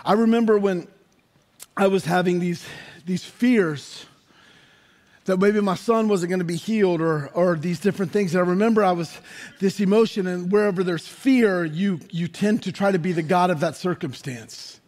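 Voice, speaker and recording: A man in his forties preaching a sermon, telling stories with animated energy and rising to shouts for emphasis. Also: high voice, moderate pace. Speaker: pastor.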